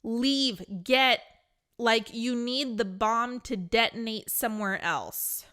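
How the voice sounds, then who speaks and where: Blunt spiritual teacher lady, bright clear voice, laughs a lot. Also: fairly high pitch, slow pace. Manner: blunt, candid, laughs often. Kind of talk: live teaching with Q&A.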